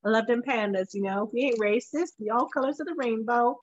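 A woman's voice: a little high, fairly quick, highs cut off. A woman hosting a podcast, chatting casually in a playful, joking way and laughing often. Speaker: podcast host.

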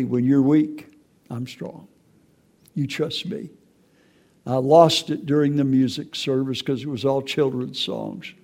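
An older man with a gravelly voice giving a personal, emotional testimony, telling stories and stumbling over repeated words. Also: mid-range voice, dark tone. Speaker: testimony speaker.

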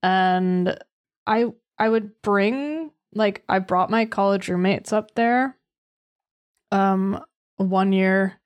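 A woman's voice: medium pitch, slow pace, no echo. An American woman co-hosting a true-crime podcast, chatting casually with jokey asides. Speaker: podcast co-host.

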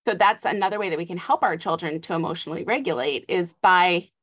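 A woman's voice: lowish voice, fast talker, a bit bright. A middle-aged woman giving parenting advice in an interview, earnest and explanatory, with light laughs. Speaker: author and adoption guest. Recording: slightly dull lo-fi audio.

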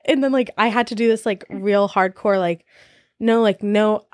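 A woman's voice: mid-range voice, normal speed, no echo, clean studio sound. A young woman in her twenties talking candidly in a casual podcast chat, laughing often and using many fillers.

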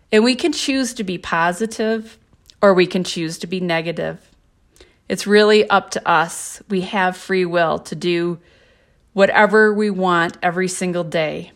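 A woman talks at an unhurried, deliberate pace on her spiritual podcast. Her voice sits at an ordinary middle pitch. She sounds calm and gentle, and she reads out passages from her own book in a measured way. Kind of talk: slow reflective spiritual talk.

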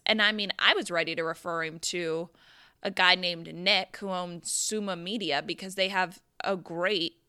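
A young woman rattles through an exasperated storytime rant, animated and full of casual swearing. Her voice is bright and forward, recorded close and dry with no room sound. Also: on the low side, takes it slowly, clear, resonant tone, dry recording. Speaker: vlogger telling a story.

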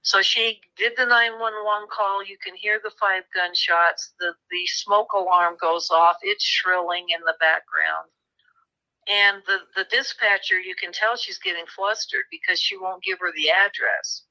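A woman's voice: medium pitch, measured pace, pushed and bright, poor audio. A woman, a true crime author, recounting a case in an interview with vivid retelling and small restarts. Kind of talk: storytelling interview.

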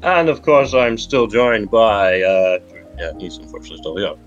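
Animated Geordie man hosting a comic podcast. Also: fairly low pitch, moderate pace, lo-fi sound, faint music behind. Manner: lively, jokey, swings into big excited exclamations. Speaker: podcast host.

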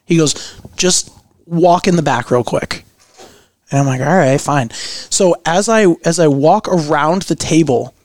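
A man's voice: fairly high pitch, no echo. A man telling a funny story in casual chat, acting out the lines of the people in it. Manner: animated storyteller, acts out dialogue.

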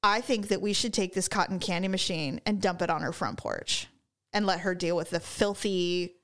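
A woman's voice: fairly low pitch, moderate pace, fairly bright tone. A middle-aged woman from California, telling a story in casual chat and swearing freely.

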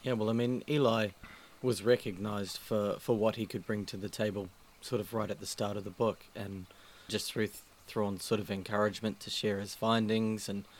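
Lower-pitched male co-host, measured and hesitant in a book chat. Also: flat delivery, slight background noise. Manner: thoughtful, hesitant with fillers. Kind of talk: casual book discussion.

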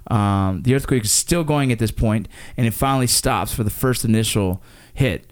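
A man in his thirties from Los Angeles, retelling a memory to his father in casual conversation, fast and animated with frequent restarts. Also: medium pitch. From Los Angeles, USA. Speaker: son recalling a disaster with his father.

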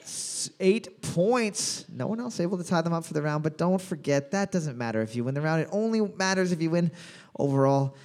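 A man hosting a trivia quiz, calling out questions loudly and cracking crude jokes between rounds. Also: on the high side, lively intonation. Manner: loud announcing, crude jokes, slows on answer options. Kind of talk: bar trivia hosting with joking banter.

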